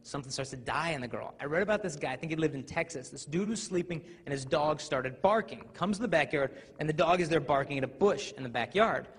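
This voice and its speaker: Talking fast with few pauses, a youth speaker with a fairly high, bright, breathy voice entertains students in a large hall with humorous stories, acting out different voices. Reverb and faint ambient noise fill the recording.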